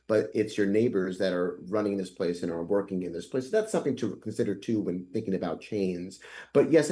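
A man speaking as a guest author on a radio interview, answering thoughtfully in a halting way with many pauses and restarts. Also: low voice, mellow.

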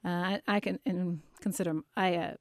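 A woman's voice: on the low side, steady tone, moderate pace, no echo, clean studio sound. A woman who teaches singing and plays piano, explaining her views in a thoughtful conversational way. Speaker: voice teacher and pianist. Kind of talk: casual conversation.

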